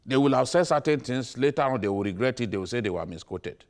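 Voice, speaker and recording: A man's voice: mid-range voice, animated, fast talker, a little mellow. A middle-aged man with a Nigerian accent, arguing emphatically and repeating his points on a TV studio panel. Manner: emphatic, repetitive, lecturing.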